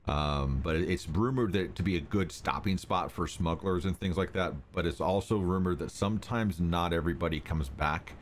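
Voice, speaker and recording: Very deep-voiced male game master. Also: moderate pace, hardly any pauses, a little hiss or hum. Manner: relaxed narration full of ums and uhs. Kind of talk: narrating a tabletop game.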